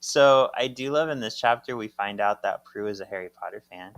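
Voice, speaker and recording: A man's voice: on the low side, brisk, clear, resonant tone. A man co-hosting a casual podcast, reading out chapter summaries with dry asides and laughs. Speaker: podcast co-host.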